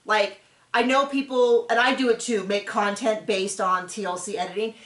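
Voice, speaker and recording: Recapping a reality show in casual commentary, a woman speaks with animation and mimics the cast's lines in different voices. She has a medium pitch and a normal speed, in a roomy-sounding space.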